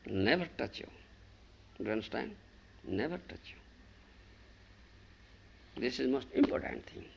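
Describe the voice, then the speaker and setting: A man's voice: mid-range voice, sing-song, a little slow, gravelly, dull audio, noisy background. A man preaching a devotional sermon as a spiritual teacher, emphatic and often asking if listeners understand.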